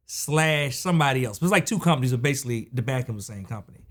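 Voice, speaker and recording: A man's voice: mid-range voice, quick pace, hardly any pauses, a bit bright. A middle-aged man hosting a podcast, chatting playfully and joking with his guest in a casual, slangy way. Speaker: podcast host. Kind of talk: casual interview conversation.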